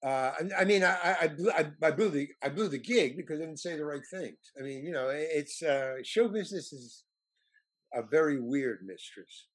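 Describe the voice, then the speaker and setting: A man's voice: fairly high pitch, moderate pace. A male actor telling a rambling story as an interview guest, restarting and stammering often. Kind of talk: casual anecdote telling.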